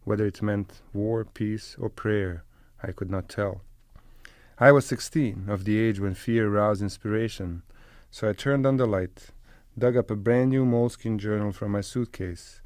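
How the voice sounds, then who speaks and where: A man reading a first-person literary story aloud in a measured, deliberate way. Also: fairly low pitch, darkish tone, dry recording. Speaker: narrator. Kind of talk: scripted literary narration.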